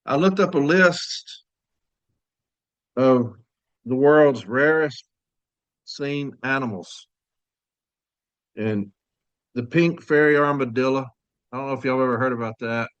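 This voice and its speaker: A man hosts his podcast in easy, casual talk, chatting and laughing with his listeners. His voice sits at an everyday middle pitch. The sound is close and dry, with no room around it. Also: takes it slowly, long pauses, smooth, dry recording, muffled recording. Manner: laid-back, laughing storyteller, addresses audience as y'all. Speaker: podcast host. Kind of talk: casual chat.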